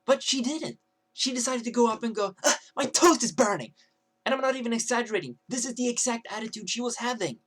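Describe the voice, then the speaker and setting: A man's voice: very high-pitched, fast, fairly bright tone. A young man ranting to camera as a vlogger, rambling with many fillers and restarts.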